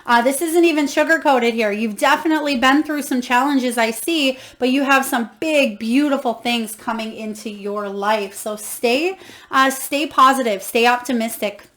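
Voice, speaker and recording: A woman's voice: high-pitched, moderate pace, fairly bright tone. A woman giving a tarot card reading to viewers, effusive and encouraging, reading guidebook passages aloud and exclaiming with emotion. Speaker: tarot reader.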